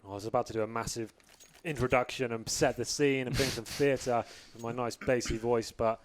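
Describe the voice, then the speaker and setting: A man's voice: mid-range voice, steady tone, normal speed. A man hosting and casting a live esports match, playful and hyping it up with announcer flourishes. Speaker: esports caster and host. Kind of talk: live esports commentary and desk chat.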